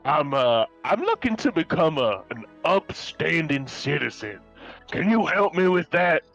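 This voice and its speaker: A man's voice: on the high side, sing-song, unhurried, vocal fry, a bit bright, muffled recording, faint music behind, exaggerated voice. A man voicing a small, shifty creature in a tabletop game, overly polite and hesitant. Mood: mock polite.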